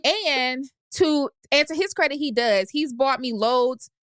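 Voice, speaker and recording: A woman's voice: high voice, expressive, unhurried, a bit bright, no echo, studio quality. A young woman from the United States co-hosting a podcast, reading a listener letter aloud and breaking off to swear in exasperation. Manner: brash, swears freely, exasperated. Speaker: podcast co-host.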